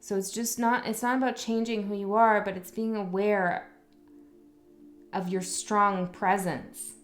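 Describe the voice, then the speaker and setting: With a medium-pitched, fairly flat voice and a slightly slow pace, a female tarot reader talks frankly and casually, regularly asking "okay?" to check on the listener. Faint music and a roomy echo fill the recording.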